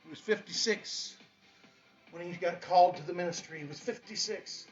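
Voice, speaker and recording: A man's voice: high-pitched, normal speed. A man giving a fiery, preachy motivational speech as a fitness coach, hammering points home with repetition. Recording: dull lo-fi audio with faint music.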